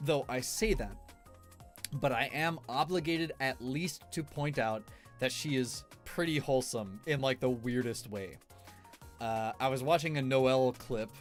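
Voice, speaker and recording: A man's voice: mid-range voice, unhurried, soft background music. A man streamer giving rambling, casual tier-list commentary, laughing often between fillers.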